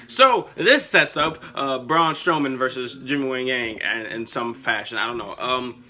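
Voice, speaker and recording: An excitable young man chats loosely and swears freely as he rambles through his ideas. His voice is very bright and sits at a middle pitch. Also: moderate pace, few pauses. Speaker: wrestling vlogger. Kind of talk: casual chat.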